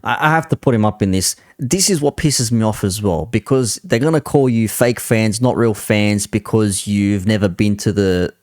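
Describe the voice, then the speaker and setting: A man's voice: on the low side, normal speed, few pauses, a little mellow, no echo, clean studio sound. Exasperated man doing reaction commentary. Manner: exasperated, swears casually. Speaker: commentary channel host.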